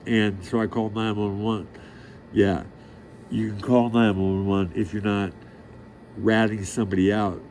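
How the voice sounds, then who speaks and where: A man's voice: lowish voice, a little mellow, slight background noise. A middle-aged man in a rambling monologue, talking in a profane, boastful, streetwise way and losing track of his story. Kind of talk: rambling direct-to-camera monologue.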